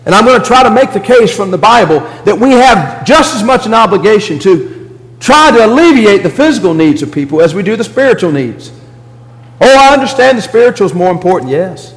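A man preaching a sermon in a church, earnest, with a preacherly rise and fall that drops low for emphasis. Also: very animated, brisk, in a large hall, low-quality recording.

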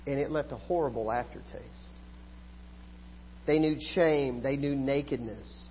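A middle-aged man preaching a sermon, swinging between loud pleading and quiet asides. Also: mid-range voice, a little slow, pauses often, slightly rough. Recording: hall reverb, dull lo-fi sound.

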